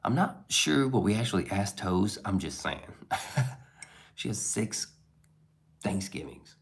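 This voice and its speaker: Low voiced streamer dude, rambly and sweary, just chatting with chat. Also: male voice, very animated, unhurried. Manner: rambling, profane, laid-back. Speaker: live streamer reading chat. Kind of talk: casual chat.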